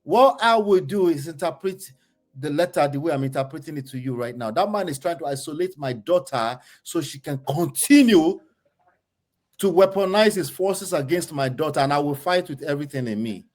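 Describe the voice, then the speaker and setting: High-voiced emphatic Nigerian man. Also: animated, moderate pace. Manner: emphatic, repeats points to press them. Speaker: host. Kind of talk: heated panel debate.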